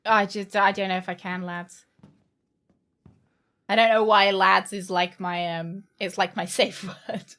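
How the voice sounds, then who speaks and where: A woman's voice: mid-range voice, flat delivery, measured pace, bright, forceful tone. A woman streaming a horror game live, talking to herself and her chat with nervous, jittery laughter.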